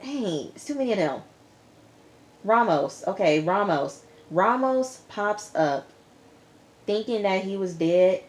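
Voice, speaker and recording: A woman vlogger recapping a TV episode in a casual, lively way, full of slang and quick asides. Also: mid-range voice. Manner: lively retelling with slang and acted-out quotes. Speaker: TV review vlogger.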